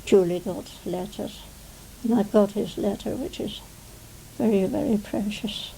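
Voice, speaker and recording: An elderly English woman in her nineties talks through old memories for a 1990 television interview. Her voice is dark and mellow with a gravelly edge, and she speaks slowly. She rambles, tucking "you see" into her sentences. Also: medium pitch, a little hiss or hum, poor audio. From England. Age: 90s. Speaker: interviewee, retired stage actress. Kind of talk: reminiscing interview.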